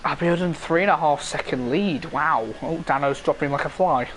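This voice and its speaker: A man's voice: a little high, moderate pace, fairly bright tone, a little hiss or hum, low-quality recording. A man co-commentating an online racing game, his voice straining as his throat gives out.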